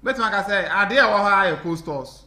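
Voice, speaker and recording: A man's voice: high voice, fast. A Ghanaian man, a journalist, chatting casually and explaining at length in Twi mixed with English, with a Ghanaian accent. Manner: animated, laughing, explaining at length. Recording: roomy echo.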